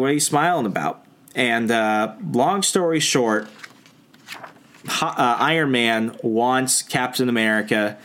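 A man's voice: mid-range voice, a bit bright. A young man with a mid-range voice, chatting casually on a podcast. He retells a comic book plot, slipping into short acted lines for each character. His delivery is loose, full of "you know" and "like.". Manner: retells scenes, acting out lines in quick voices. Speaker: podcast co-host. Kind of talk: casual comic recap chat.

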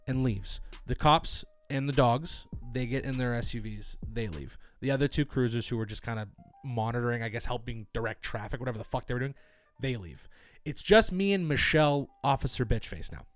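A young man co-hosting a podcast, telling a story in animated, casual chat, swearing freely and acting out other people's lines. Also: medium pitch, a little fast, soft background music. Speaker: podcast co-host.

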